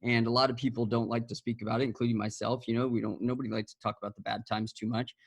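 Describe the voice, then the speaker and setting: A man's voice: mid-range voice, little pitch movement, rapid-fire, gravelly, no echo. A man hosting an interview in casual chat, hesitant with many restarts and fillers. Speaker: host.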